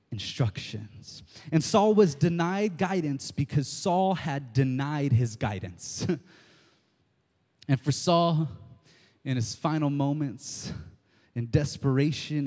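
A man preaching a sermon, telling stories in an animated way, acting out quotes and repeating key lines. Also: mid-range voice. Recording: long hall reverb.

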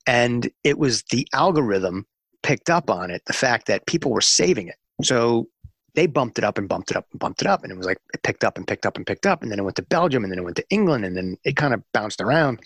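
Speaking fast in a husky, medium-pitched voice with no echo, a man who works as a music radio promotion executive recounts a long story during an interview. He's an animated storyteller, performing the dialogue of each person in it.

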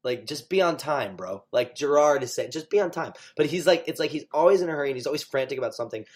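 A man, a stage actor, chatting as an interview guest, animated and full of fillers. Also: mid-range voice, quick pace. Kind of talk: casual interview chat.

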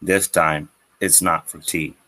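A man's voice: extremely low pitch, steady tone, slow pace, sharp tone, rough recording. A man hosting his own show, delivering an angry, profane political rant with emphatic repetition. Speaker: political commentary host.

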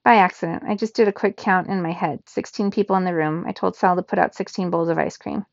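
A woman reading aloud, voicing a gentle, kindly scientist father who talks calmly. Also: lowish voice, fast talker, gravelly, no room sound, muffled recording. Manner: calm, gentle.

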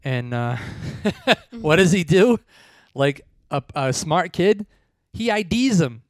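A man's voice: fairly high pitch, big pitch swings, slow pace, no echo. A man hosting a casual movie review chat, retelling the plot in a chatty way and laughing often. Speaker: podcast host.

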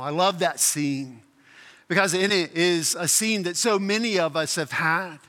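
Bright-voiced pastor preaching in a reverberant hall. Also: male voice, high-pitched. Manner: earnest, storytelling, slows to emphasize. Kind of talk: sermon.

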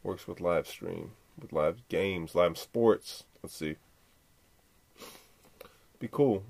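A man's voice: deep voice, slow, vocal fry, darkish tone. A man hosting a podcast, giving laid-back, slangy reaction commentary full of swearing and asides. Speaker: podcast host.

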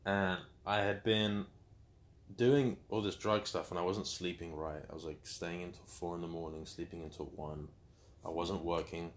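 Deep-voiced man telling his story candidly. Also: moderate pace. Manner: open, animated storytelling with acted-out quotes. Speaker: guest. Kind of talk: candid personal interview.

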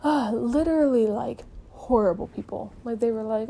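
A woman's voice: a little high, moderate pace, vocal fry, dark tone, poor audio. A woman hosting a podcast, retelling a true-crime case in a casual, chatty way full of "like" and "um", acting out the people she quotes. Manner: chatty, peppered with "like" and "um". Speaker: podcast host.

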